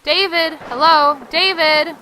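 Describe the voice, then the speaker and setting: A woman reading the lines of a blunt, weary middle-aged mother aloud from a game, with loud exasperated outbursts. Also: fairly high pitch, moderate pace, a little hiss or hum, rough recording. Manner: blunt, exasperated, raises her voice often.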